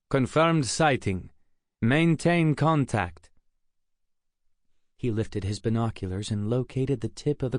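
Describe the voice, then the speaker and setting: A man narrating a science fiction audiobook in a steady, measured storytelling manner, recorded on a close studio mic. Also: mid-range voice, no room sound.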